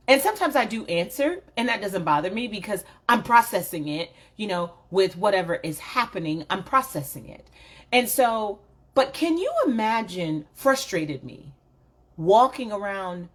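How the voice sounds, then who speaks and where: A woman's voice: mid-range voice, breathy edge. A woman giving a candid, reflective motivational talk, speaking emphatically and straight to her viewers. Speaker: motivational vlogger.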